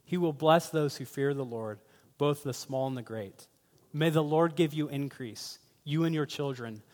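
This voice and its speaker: A man preaching a sermon in a relaxed, conversational storytelling way, often speaking directly to his listeners. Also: on the high side. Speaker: pastor. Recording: long hall reverb.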